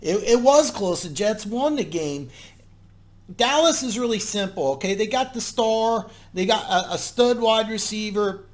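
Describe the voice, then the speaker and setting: List: man, high-pitched, casual football talk, emphatic, repeats himself. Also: lively intonation, measured pace. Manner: emphatic, repeats phrases, frequent filler restarts. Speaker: football commentary host. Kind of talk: casual solo sports recap.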